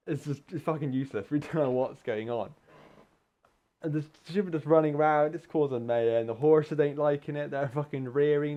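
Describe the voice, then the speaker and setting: A man from the UK casually telling a long story, swearing often, laughing mid-sentence and acting out shouted quotes. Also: medium pitch, fairly quick. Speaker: gaming podcast co-host telling a story.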